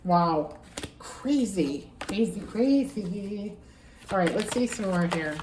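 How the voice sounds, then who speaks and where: A woman giving a casual tarot reading, musing aloud and repeating phrases with animated excitement. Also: lowish voice, a little slow, distant mic, background noise. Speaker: tarot reader. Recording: echoey room, voice from off-mic.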